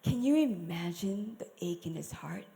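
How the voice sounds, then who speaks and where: A woman telling a Bible story at a church service, animated, asking the audience questions and dropping to whispers for effect. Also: lowish voice, moderate pace, creaky. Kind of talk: dramatic storytelling sermon.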